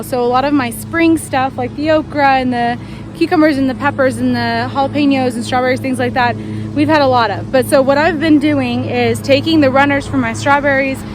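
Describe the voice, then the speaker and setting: High-voiced woman chatting through her garden. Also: background noise. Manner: chatty, self-correcting, explains as she goes. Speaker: gardening vlogger. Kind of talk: casual garden walkthrough. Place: outdoor home garden.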